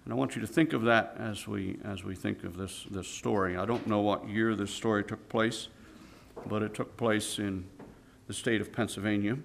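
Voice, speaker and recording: A man preaching a sermon, telling a story dramatically, swinging between hushed and loud delivery. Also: lowish voice, steady tone, moderate pace, vocal fry, a little hiss or hum.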